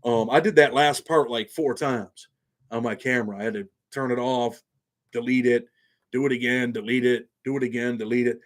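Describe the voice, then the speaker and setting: A man's voice: medium pitch, fairly even intonation, normal speed. A man hosting a casual livestream, talking bluntly in street slang. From New York. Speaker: channel host.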